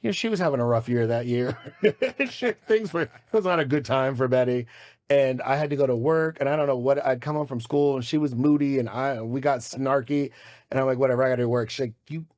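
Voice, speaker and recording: Man, podcast host, animated storyteller, swears a lot, casual chat. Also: medium pitch, fairly quick.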